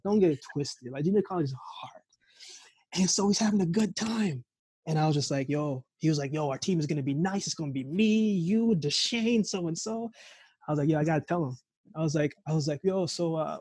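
Man, podcast host, husky, mellow tone, dry close mic, animated storyteller. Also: a little high, dry recording. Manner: storytelling with lots of quoted dialogue. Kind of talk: casual conversation.

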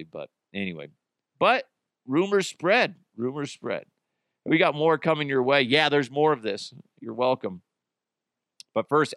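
A man's voice: mid-range voice, a bit bright, smooth, no echo, clean studio sound. A man hosting a comedy podcast, riffing crudely and swearing freely as he jokes about the news. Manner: crude, joking, profane. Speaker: podcast host. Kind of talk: casual comedic podcast monologue.

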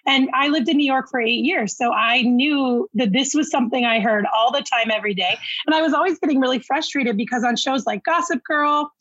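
A woman's voice: high-pitched, brisk, a bit bright, husky, no echo, lo-fi sound. A woman guest on a podcast, chatting casually and laughing often. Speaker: podcast guest, TikTok creator.

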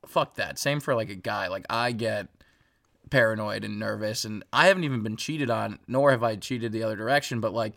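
A man in his twenties co-hosting a podcast in casual chat, thinking out loud in a rambling, reflective way with many fillers. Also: fairly low pitch, fairly quick, creaky. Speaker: podcast co-host.

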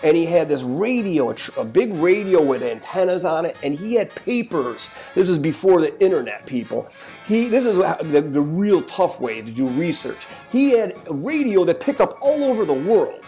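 A man with a gravelly, fairly high voice tells a story in a loose, rambling way, backing up and restarting his sentences. Faint music plays behind him. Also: sing-song, moderate pace, dark tone. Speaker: podcast co-host. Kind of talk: casual storytelling chat.

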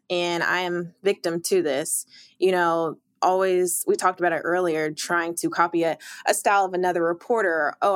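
A woman's voice: lowish voice, dry recording. A young woman sports reporter, interviewed, talking in upbeat, emphatic bursts with occasional laughs.

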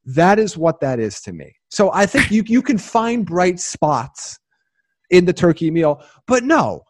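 A man co-hosting a podcast in casual chat, rambling and excitable, often restarting his sentences. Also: high-pitched, measured pace, no room sound. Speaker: podcast co-host.

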